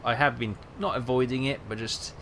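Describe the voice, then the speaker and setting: A man's voice: medium pitch, fairly even intonation, a little fast, vocal fry, a bit bright, slight background noise. A man streaming a trucking game, rambling and thinking aloud with lots of fillers. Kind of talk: casual gameplay chat.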